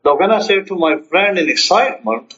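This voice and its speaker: Brief: male teacher, fairly high voice, acts out little dialogues, repeats points, slightly muffled recording. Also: fairly quick, a bit bright. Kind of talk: spoken self-help teaching.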